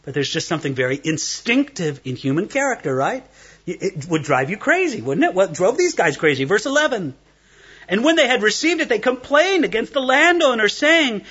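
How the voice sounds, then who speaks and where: A man's voice: high voice, very animated, a little fast, pushed and bright, husky, muffled recording. A man preaching an expository sermon, asking rhetorical questions and acting out little scenes for his listeners. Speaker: pastor.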